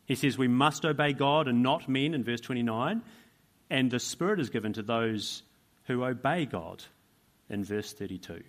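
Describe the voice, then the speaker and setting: Male preacher, average-pitched voice, emphatic sermon delivery built on rhetorical questions and repetition. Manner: emphatic, asks rhetorical questions and repeats key phrases.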